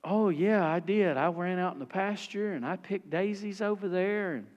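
A man's voice: sits high, moderate pace, long reverb tail, highs cut off, natural voice. A preacher voicing his small daughter, a scared little girl who whines and pleads with her father at bedtime. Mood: excited. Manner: whiny and pleading.

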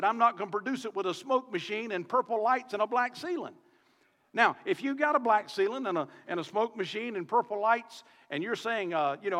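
Southern pastor preaching in a reverberant church. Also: male voice, high voice, a bit bright. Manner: conversational preaching full of rhetorical questions. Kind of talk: sermon. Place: church sanctuary. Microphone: microphone.

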